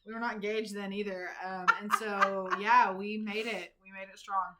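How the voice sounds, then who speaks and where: A woman's voice: mid-range voice, steady tone, normal speed, very noisy. A woman co-hosting a podcast in casual chat, adding dry, teasing asides. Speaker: podcast co-host.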